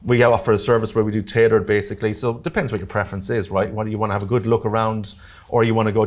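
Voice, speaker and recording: A man with an Irish accent presenting a live workshop to a room, talking quickly and jokily and often checking in with "okay?" and "all right?". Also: fairly low pitch, level tone. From Ireland. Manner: fast-talking, jokey, keeps checking in with the audience. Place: community centre meeting room.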